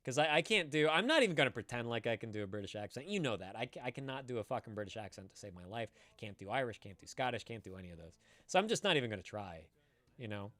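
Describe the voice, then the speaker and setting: A man's voice: medium pitch, sing-song, fast, a bit bright, no room sound. A man chatting casually on a live stream, rambling, laughing and swearing as he answers viewers.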